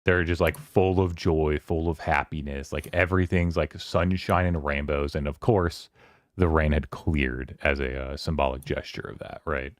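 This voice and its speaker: A man's voice: extremely low pitch, fairly even intonation, no echo, studio quality. A man streaming a casual book club chat, rambling through a novel's scenes with lots of fillers. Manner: rambling, filler-heavy, quoting characters in quick voices.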